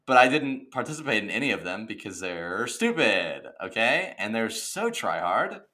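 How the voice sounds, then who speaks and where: A young man co-hosting a podcast, telling a story in a casual, animated rant and saying "dude" and "okay" a lot. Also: lowish voice, moderate pace. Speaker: podcast co-host. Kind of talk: casual chat.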